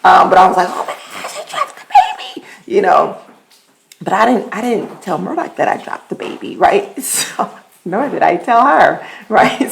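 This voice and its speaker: A woman with a lowish, gravelly voice hosts a podcast and tells a personal story. She keeps it casual and animated. She laughs often and leans on repeated words for emphasis. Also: low-quality recording. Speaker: podcast host.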